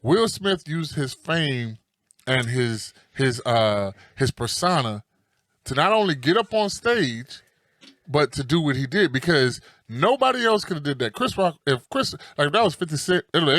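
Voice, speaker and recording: A man in his thirties co-hosting a podcast, loud and animated, swearing freely and acting out the quotes he retells. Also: fairly high pitch, moderate pace, no echo, studio quality. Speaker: podcast co-host. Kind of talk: casual chat.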